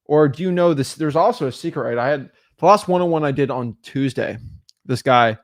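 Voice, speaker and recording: A man co-hosting a livestream, talking in an animated, coaching way and acting out conversations, with many "right?" and "like" fillers. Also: on the high side, brisk. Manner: animated, acts out quoted dialogue, frequent "right?" and "like". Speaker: co-host of real estate livestream. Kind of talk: motivational livestream talk.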